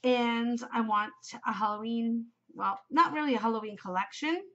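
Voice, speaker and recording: A woman's voice: a little high, normal speed, pushed and bright, muffled recording. A middle-aged woman hosting a podcast, chatting casually and giggling, easily distracted. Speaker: podcast host. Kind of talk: casual chat to camera.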